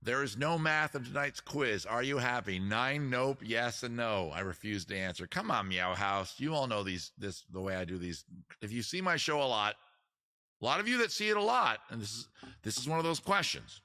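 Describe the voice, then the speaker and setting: A man's voice: medium pitch, animated, normal speed, sharp tone. A man hosting a casual live-stream trivia quiz, joking around and teasing the players. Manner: joking, teasing, crude asides. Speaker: host running a trivia quiz.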